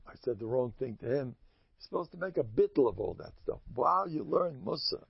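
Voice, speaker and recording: A man with a rough, gravelly voice leads a Torah lecture as a rabbi, telling stories and leaping into high, squeaky asides before dropping to low mutters. The recording is dry and close, with a dull, lo-fi tone. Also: big pitch swings, a little fast, no room sound. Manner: jokey, acts out quotes with sudden high squeaks and mutters. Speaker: rabbi giving a Torah class. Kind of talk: animated Torah lecture with storytelling.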